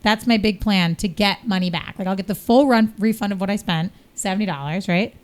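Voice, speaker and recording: A woman's voice: medium pitch, fairly quick. A woman co-hosting a podcast, telling a story in casual chat and laughing often as she goes. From New York. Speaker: podcast co-host.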